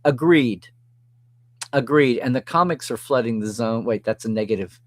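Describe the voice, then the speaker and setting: A middle-aged man hosting a live stream, reading viewer comments aloud and reacting in a chatty, animated way. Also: medium pitch, normal speed, no echo.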